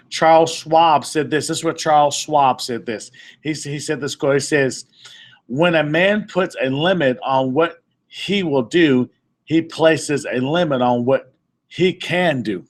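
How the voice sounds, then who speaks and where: Emphatic man giving a motivational talk. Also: a little high. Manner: emphatic and repetitive, restating points, stumbling on words. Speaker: motivational speaker leading a group session. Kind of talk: motivational talk to a live audience.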